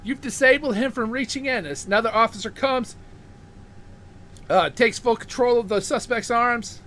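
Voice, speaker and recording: Man, bright sharp tone, profane heated monologue, faint background noise. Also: extremely high pitch, moderate pace. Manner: heated, profane, repeats words when worked up. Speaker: show host.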